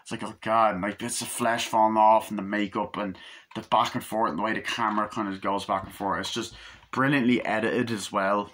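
A man giving a rambling, foul-mouthed casual film review, full of fillers, who acts out scenes with quick quoted voices. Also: fairly low pitch, fairly even intonation, a bit bright. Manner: rambling, profane, filler-heavy. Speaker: movie reviewer.

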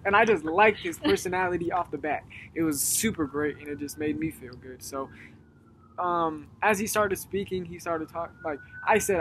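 A young man in casual chat outdoors, telling a story in a rambling way, getting animated when he retells it. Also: on the high side, normal speed, slight background noise. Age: young adult. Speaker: guest. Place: outdoors at dusk.

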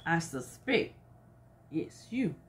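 A wise, stern elephant from a children's storybook questions the others in a firm tone, as a woman reads it aloud. Its voice is low and unhurried. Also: big pitch swings, a little hiss or hum, exaggerated voice. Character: wise, stern elephant who protects the weak.

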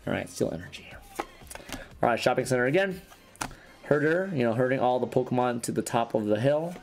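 A man's voice: mid-range voice, expressive, fairly quick, gravelly. A man losing his voice, chatting casually as he opens trading card packs and rambles through each card. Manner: rambling, restarts sentences. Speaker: YouTuber opening trading cards. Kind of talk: casual card-opening commentary. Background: faint background music.

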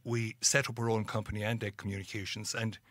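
A man's voice: on the low side, fast talker, no echo. A middle-aged Irish man, a guest on an interview, telling stories and acting out the voices of people he quotes. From Ireland. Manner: animated storyteller, acts out quoted voices. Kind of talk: storytelling interview.

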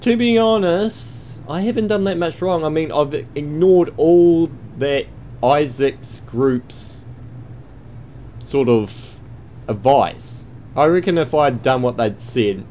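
A man's voice: mid-range voice, slow, darkish tone, slight background noise. A man thinking aloud and swearing as he comments on his own game play, sarcastic and crude. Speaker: let's play host. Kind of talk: gameplay commentary.

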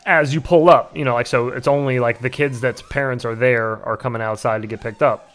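A man's voice: medium pitch, steady tone, brisk, fairly bright tone, soft background music. A man in his thirties hosting a casual livestream, telling a story with laughs and swearing. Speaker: livestream host.

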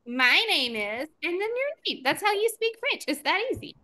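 Upbeat high-voiced woman teacher. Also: big pitch swings, bright, forceful tone. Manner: upbeat and encouraging, slow clear modeling of words. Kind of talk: classroom lesson to children.

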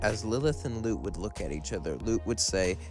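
A man's voice: on the low side, animated, brisk, a little mellow, soft background music. A young man telling a fan story in a rambling, casual way. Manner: rambling, run-on sentences.

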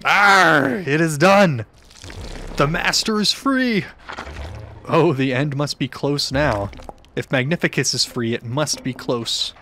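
A man reading as a slow, grand gloating villain. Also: on the high side, sharp tone, a little hiss or hum. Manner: slow, drawn-out dramatic reading.

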